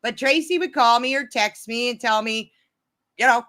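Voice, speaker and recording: A woman's voice: a little high, moderate pace, fairly bright tone. A woman chatting casually to her viewers, telling a story in a rambling way, with many restarts.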